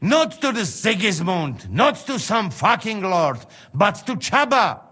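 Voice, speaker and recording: A man's voice: sits high, very animated, a little slow, sharp tone, slightly rough, heavily acted. An actor playing a blunt male mercenary with a Slovak accent, speaking broken English in a game cutscene.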